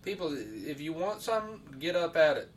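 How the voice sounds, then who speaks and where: A man's voice: a little high, big pitch swings, normal speed. A man co-hosting a podcast, chatting casually and telling stories in a rambling, swearing way. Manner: rambling storyteller, heavy swearing and fillers. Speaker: podcast co-host. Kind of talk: casual chat. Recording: distant mic, faint background hiss.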